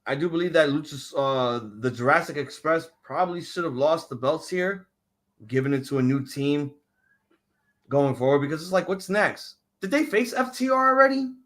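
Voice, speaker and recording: A man hosting a casual wrestling reaction chat, excitable and profane, often restarting his sentences. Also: on the high side, moderate pace. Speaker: podcast host.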